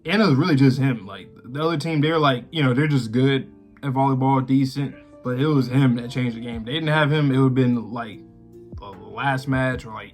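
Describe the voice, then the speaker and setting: Man, casual chat, rambling, laughing, faint background music. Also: medium pitch. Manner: loose, rambling, laughs often. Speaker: co-host of anime reaction channel.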